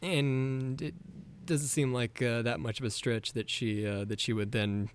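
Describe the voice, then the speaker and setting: A man's voice: medium pitch, steady tone, unhurried, slight background noise. A man playing a tabletop role-playing game, talking hesitantly with many restarts. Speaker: player. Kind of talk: casual tabletop role-play.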